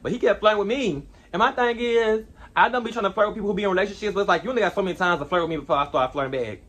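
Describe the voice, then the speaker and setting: Young guy rambling through a storytime, slangy and animated, highish voice, talks quick. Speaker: vlogger. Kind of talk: storytime vlog.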